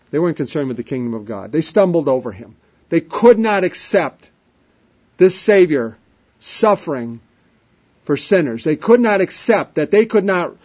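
A man preaching an emphatic sermon, repeating refrains, with his voice swelling up and dropping to a hush. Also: a little high, breathy edge. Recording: dull lo-fi sermon recording.

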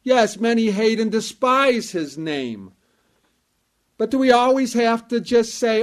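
A man preaching a sermon in a measured, emphatic way, repeating key phrases for weight. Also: very high-pitched, very animated.

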